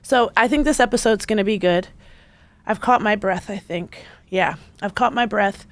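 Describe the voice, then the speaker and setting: A woman hosting her podcast, delivering a playful, jokey solo monologue with animated asides. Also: medium pitch, normal speed, no room sound. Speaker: podcast host.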